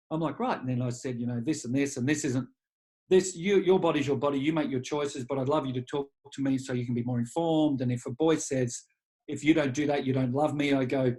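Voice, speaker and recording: A man's voice: medium pitch, fast. A man, a leadership coach speaking as an interview guest, telling candid personal stories in a blunt, profane way. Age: 40s. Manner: blunt and profane, animated when quoting himself. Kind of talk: candid conversational storytelling.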